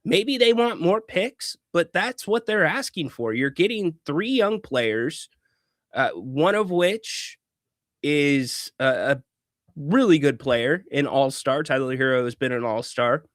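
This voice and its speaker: A male sports talk host who speaks at a slow, deliberate pace with a slightly high voice. He is opinionated, stumbling over and restarting words now and then. The sound is dry and close, with no room around it. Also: fairly bright tone, no room sound.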